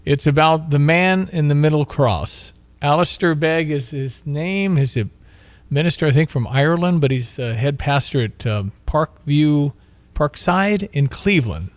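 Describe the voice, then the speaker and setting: Male host, slightly high pitch, affirming casual chat. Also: unhurried. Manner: affirming, conversational.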